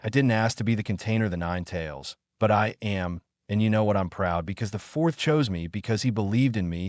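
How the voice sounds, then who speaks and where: Calm, deadpan young ninja hero, read by a male narrator, low voice, dry sound. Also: no room sound, lightly acted. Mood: angry. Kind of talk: fan story read aloud.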